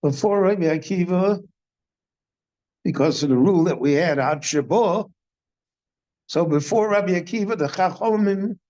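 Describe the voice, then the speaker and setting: Older rabbi giving a slow careful shiur, kinda high voice, muffled lo-fi synagogue recording. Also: male voice, warm tone. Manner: measured teaching, poses questions and answers them. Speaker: rabbi giving a Torah class. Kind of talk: slow, deliberate Torah lecture.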